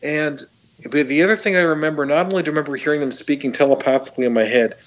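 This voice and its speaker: A middle-aged man, a talk show guest, excitedly retelling a personal story with frequent laughs, restarts and fillers. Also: on the high side, rapid-fire.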